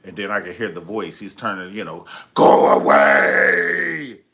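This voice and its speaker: A man's voice: low voice, steady tone, fast talker, pushed and bright. A man hosting a casual live stream, telling gossipy stories in a sassy, flamboyant, profane way and calling people honey.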